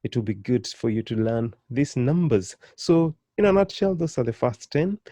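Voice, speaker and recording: A man teaching a beginner language lesson, praising learners often and repeating words slowly for them to copy, with sudden lively jumps in pitch and loudness. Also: no room sound.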